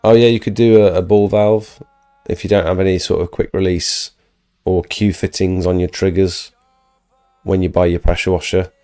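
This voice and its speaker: Still getting over an illness and losing his voice, a man with a deep, mellow tone runs a casual live stream answering chat questions on pressure washing. He's chatty, restarts often, and speaks flatly at normal speed while soft music plays faintly in the background.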